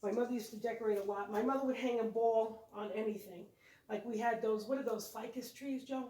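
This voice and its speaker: Steady in tone, a little high, dark, and fairly quick, her voice carries through an echoey room where the mic is set back. She co-hosts a home decorating channel and rambles chattily about the holiday decorations and tree, self-correcting as she talks.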